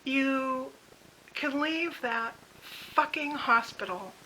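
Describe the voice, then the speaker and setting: A woman's voice: high-pitched, very slow, sharp tone, a little hiss or hum, low-quality recording. A woman in her fifties telling a candid vlog story about caring for her mother, frank, swearing freely and laughing as she rants.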